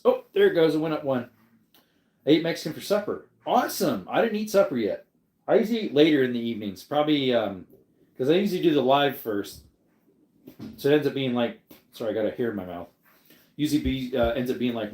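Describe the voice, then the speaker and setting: A man's voice: medium pitch, animated, fairly quick, a little mellow. A man hosting a casual livestream, rambling loosely and answering viewers' chat as he reads it. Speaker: livestream host. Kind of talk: casual live stream chat. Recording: echoey room.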